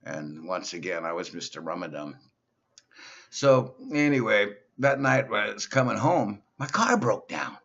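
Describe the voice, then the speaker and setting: A man's voice: on the low side, sing-song, vocal fry, a bit bright, breathy edge. Guy doing stand-up as a dim simple fella, voice all over the place, muffled lo-fi sound. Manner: slow, simple-minded persona telling silly stories. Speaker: comedian. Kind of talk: stand-up comedy monologue. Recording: dull lo-fi recording.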